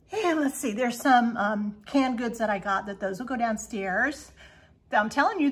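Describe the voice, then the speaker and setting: Woman in her 60s, husky, slightly high voice, chatty grocery haul host. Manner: chatty, homey, rambling with fillers. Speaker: channel host. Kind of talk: casual grocery haul vlog. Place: farmhouse kitchen.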